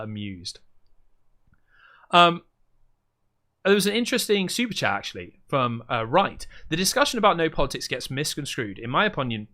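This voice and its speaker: A man hosting a casual livestream, talking in a dry, deadpan way and rambling as he thinks aloud. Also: medium pitch. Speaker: livestream host.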